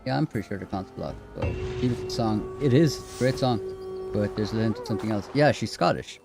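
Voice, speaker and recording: A man's voice: on the low side, fairly quick, vocal fry, over music. Rambling Irish man commenting on a game. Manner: rambling, hesitant, chuckling. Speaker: gaming streamer. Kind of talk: casual let's-play commentary.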